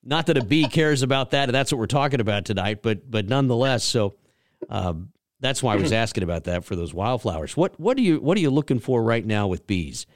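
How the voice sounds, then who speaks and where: A man hosts a talk show with folksy, rambling stories and lots of restarts. His voice sits at an ordinary pitch, and the recording is dry and close. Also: expressive, a little fast, no room sound. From Georgia, US. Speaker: radio show host. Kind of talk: casual chat.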